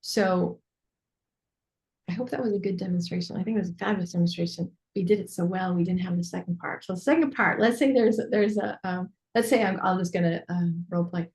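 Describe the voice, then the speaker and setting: A woman's voice: fairly low pitch, brisk. Chatty woman business mentor. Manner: animated, chatty, lots of fillers and asides. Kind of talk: coaching session teaching.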